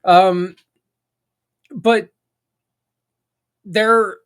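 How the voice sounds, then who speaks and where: A man's voice: high-pitched, fairly even intonation, extremely slow, clear, resonant tone. Folksy man hosting a podcast. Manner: conversational, folksy, rambling with asides. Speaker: podcast host. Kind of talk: casual monologue.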